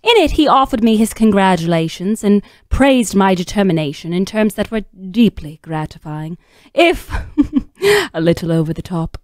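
A woman's voice: mid-range voice, very animated, moderate pace, no echo, clean studio sound, lightly acted. A woman voicing a snooty British woman writer, reading her essay aloud in a put-on British accent with a prim, haughty manner. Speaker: radio co-host. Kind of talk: dramatic reading.

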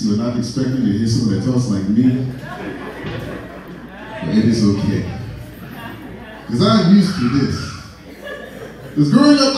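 A man's voice: medium pitch, dark tone, recorded from a distance, lightly acted. A man putting on an exaggerated African accent as a gag persona, teasing the audience in an echoey hall. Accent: African, put on. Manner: over-the-top, teasing. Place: large church hall stage. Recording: echoey hall, mic from afar. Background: audience laughing.

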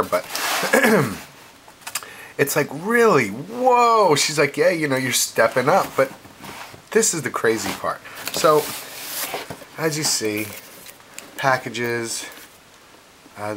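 A man in the middle of an enthusiastic, rambling vlog, talking to his viewers at a medium pitch and filling the gaps with ums and asides. He records himself at home on a camera's built-in mic, and a clear hiss of noise sits under his voice. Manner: rambling, excitable, with many fillers and asides to viewers. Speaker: unboxing vlogger. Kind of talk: casual vlog storytelling. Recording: noisy home video recording.

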